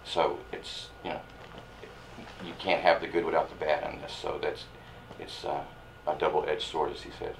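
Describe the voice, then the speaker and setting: A man's voice: a bass voice, level tone, normal speed, gravelly, slight background noise, rough recording. A man, a comedian guest, talking reflectively and earnestly in a casual chat.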